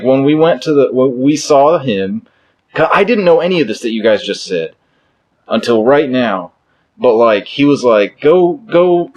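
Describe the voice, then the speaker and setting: A man telling stories in a casual podcast chat, swearing freely and laughing as he goes. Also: fairly low pitch. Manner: profane, laughing storyteller.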